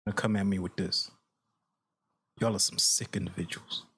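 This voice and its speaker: A man's voice: deep voice, fairly even intonation, normal speed, gravelly, a bit bright, breathy edge. A man hosting a sports reaction channel, ranting heatedly and profanely at his viewers, repeating his points for emphasis. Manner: heated, repetitive, profane, addresses viewers directly. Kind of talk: angry solo reaction rant.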